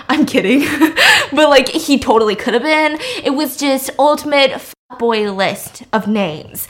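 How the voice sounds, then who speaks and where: A woman's voice: mid-range voice, a bit bright. A young woman casually recapping a movie, swearing, sarcastic, and acting out the characters' lines. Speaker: film recapper.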